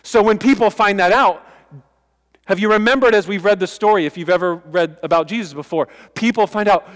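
Pastor, man, slightly high voice, conversational emphatic sermon, long hall reverb. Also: fairly quick, a bit bright. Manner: conversational, emphatic preaching with asides.

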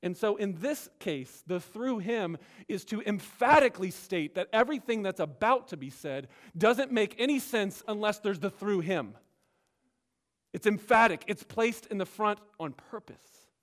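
Pastor, man, slightly high voice, emphatic teaching sermon. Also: lively intonation, a little slow. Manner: emphatic, explanatory preaching with rising and dropping delivery. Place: church sanctuary.

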